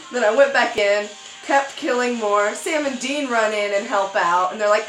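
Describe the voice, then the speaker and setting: A young woman vlogger telling a story in a casual chat, animated and acting out quotes. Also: moderate pace, reverberant, faint music behind, low-quality recording. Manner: animated, acts out quotes with sudden high squeals.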